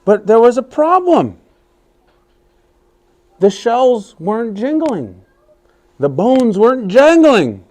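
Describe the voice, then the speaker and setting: A man telling a story to a class of young children, animated and often asking them questions. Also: very high voice, slow pace, pauses often.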